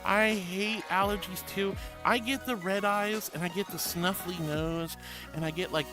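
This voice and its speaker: A man's voice: high-pitched, fairly even intonation, measured pace. A man streaming as a VTuber, chatting casually and affectionately while reading viewer messages aloud. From Florida. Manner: gushing and affectionate, calls viewers sweetie. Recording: music playing behind the voice.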